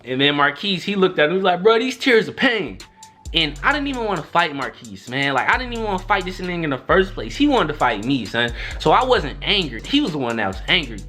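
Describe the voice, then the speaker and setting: A man's voice: quick pace, hardly any pauses, faint music behind. A young man vlogging a storytime in a loose, slangy way, acting out what others said with big jumps in his voice. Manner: animated, slangy, acts out quotes with big pitch jumps. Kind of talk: storytime monologue.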